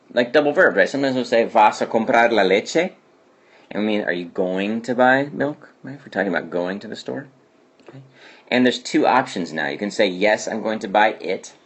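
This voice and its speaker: A man's voice: low voice, breathy edge. A man teaching a Spanish grammar lesson who explains patiently and keeps asking "okay?" to check understanding.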